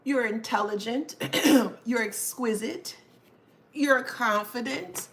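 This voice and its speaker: Slow, bright-voiced sassy woman. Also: fairly high pitch. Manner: sassy, laughs often, swears freely. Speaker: channel host. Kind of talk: casual direct-to-camera talk.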